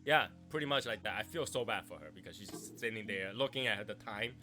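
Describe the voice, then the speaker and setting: A man's voice: fairly low pitch, fairly quick, pushed and bright, faint music behind. A man hosting a livestream chat who rambles, restarts his sentences and reads viewer messages aloud. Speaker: livestream host. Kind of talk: casual chat.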